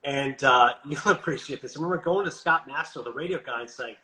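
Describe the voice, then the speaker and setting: A Canadian man telling stories in a casual interview, animated and quick, acting out what others said. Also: medium pitch, reverberant, low-quality recording. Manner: animated, quick, quotes others in lively asides. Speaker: guest broadcaster.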